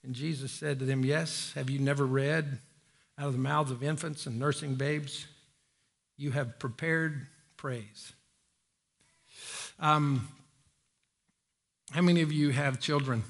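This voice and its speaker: A middle-aged man preaching a sermon in a church, folksy and joking, climbing higher when he presses a point. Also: fairly even intonation, slow pace, vocal fry, long pauses. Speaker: pastor. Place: church sanctuary.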